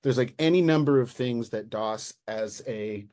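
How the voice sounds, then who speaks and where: American guy, interview guest, talks fast in bursts, lots of restarts, gets exasperated. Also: mid-range voice. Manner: animated, exasperated, many restarts. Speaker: local party official, guest. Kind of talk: casual interview chat.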